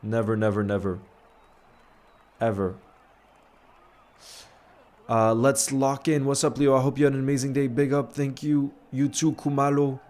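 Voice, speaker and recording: Brisk and barely pausing, a middle-pitched man who grew up largely in New York runs a football watch-along stream full of easygoing, friendly chatter. Between reactions to the game he reads out viewer messages, calls people "bro," and gives them relaxed, matey shout-outs.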